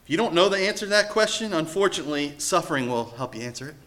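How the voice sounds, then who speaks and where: A man preaching a sermon as pastor, telling a story in an animated way. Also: on the high side, racing. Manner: animated storytelling, acting out quoted voices.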